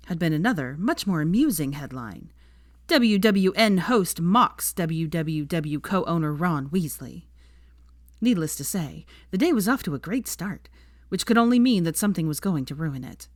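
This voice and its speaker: Woman reading fanfic aloud, low voice, dry close sound. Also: no room sound. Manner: measured, expressive storytelling. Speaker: fanfiction narrator. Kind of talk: scripted narration.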